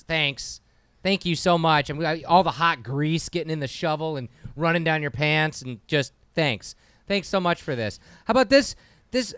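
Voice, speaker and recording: A man's voice: a little high, fairly bright tone, clear, resonant tone, dry recording. A man co-hosting a casual podcast, ranting in an exasperated, swearing way. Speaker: podcast co-host. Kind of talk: casual comedic rant.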